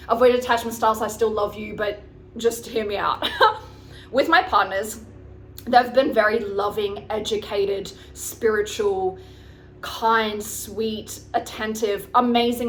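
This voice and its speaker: A woman's voice: mid-range voice, a bit bright, slight background noise. A woman life coach giving casual, frank advice to her viewers, swearing freely and often checking in with them. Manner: frank and chatty, swears casually, keeps checking in with "okay, guys?".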